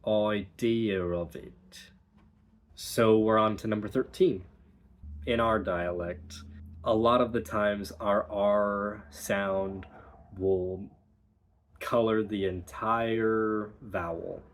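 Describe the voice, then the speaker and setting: A man's voice: lowish voice, steady tone, takes it slowly. A young man teaching pronunciation as a dialect coach, explaining patiently and encouragingly. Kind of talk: recorded pronunciation lesson.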